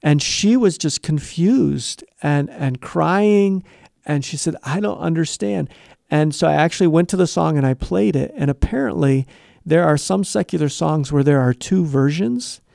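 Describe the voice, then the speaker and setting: A middle-aged man explains advice in an earnest, conversational teaching style, slipping into little acted-out exchanges. His voice sits a touch high for a man, with a gravelly edge and a dark, mellow tone. The recording is dry and close, with no room sound. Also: moderate pace, no echo. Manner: earnest, explains step by step, acts out quoted dialogue. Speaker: guest giving Christian advice.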